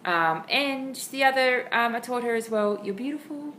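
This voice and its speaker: A woman with an Australian accent casually sharing dog training tips at home, chatty and expressive with lots of ums. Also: on the high side, moderate pace, a little hiss or hum, low-quality recording. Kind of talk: casual how-to talk to camera. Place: home, indoors.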